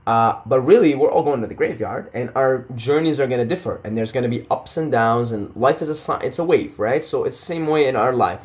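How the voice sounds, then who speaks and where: A man's voice: mid-range voice, a little mellow. A young man talking casually to camera in a passionate, rambling rant full of swearing and tangents. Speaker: vlogger.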